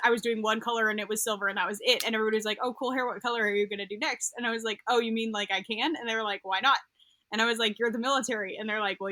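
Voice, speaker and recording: A woman's voice: fairly high pitch, bright, forceful tone, dry recording. A young woman, a podcast guest, telling a personal story in casual interview talk, rambling with many fillers and restarts. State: getting emotional. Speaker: podcast guest, occupational therapist.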